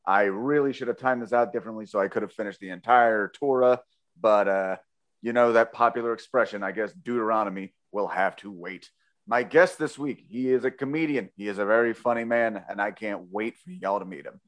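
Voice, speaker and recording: A man's voice: fairly low pitch, a little fast. A man hosting a casual podcast, joking and rambling, who corrects himself mid-sentence and slips into a slight Southern inflection. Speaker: podcast host.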